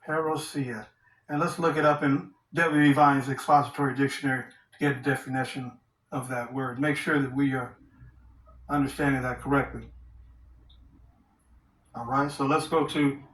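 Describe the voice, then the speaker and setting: A man teaching from the Bible in a sermon, reading verses aloud slowly and asking rhetorical questions. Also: on the high side, sharp tone. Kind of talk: scripture study sermon. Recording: roomy echo, distant from the mic.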